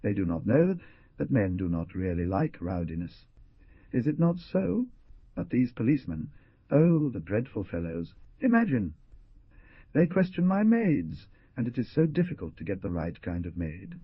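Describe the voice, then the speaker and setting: A man's voice: lowish voice, big pitch swings, moderate pace, breathy edge, no room sound, lo-fi sound, exaggerated voice. A man voicing a stout, elderly, foreign-born hostess who fusses and scolds in formal phrasing, with a foreign accent. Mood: fussing.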